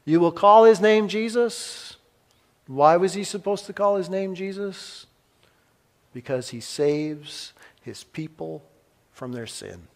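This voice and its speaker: Male pastor preaching in an echoey hall. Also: high voice. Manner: dramatic pauses, swings from emphatic to hushed. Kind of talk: sermon.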